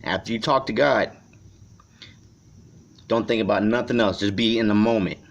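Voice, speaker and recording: A man from Chicago talking to the camera in an unscripted vlog. He rambles and swears, swinging between shouting and quiet reflection. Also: on the low side, normal speed. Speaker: vlogger. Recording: dull lo-fi recording.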